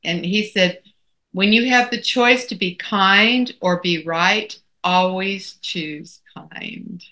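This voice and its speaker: A woman's voice: medium pitch, slow pace, bright, forceful tone. A middle-aged woman co-hosting a casual chat, telling folksy stories. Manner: folksy storytelling. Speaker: co-host.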